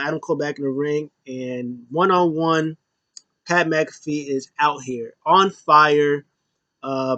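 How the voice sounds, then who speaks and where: Dude recapping a wrestling match all hyped up, kinda high voice, dry close mic. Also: male voice, dry recording, highs cut off. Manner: excitable, acts out wrestlers' lines in raised voices. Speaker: wrestling show reviewer. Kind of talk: casual play-by-play recap.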